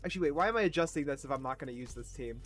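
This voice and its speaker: A man's voice: mid-range voice, animated, very fast, faint music behind. A man streaming a game, rambling casually, swearing and mocking himself. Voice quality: swearing, self-deprecating, rambling. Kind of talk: casual gaming commentary.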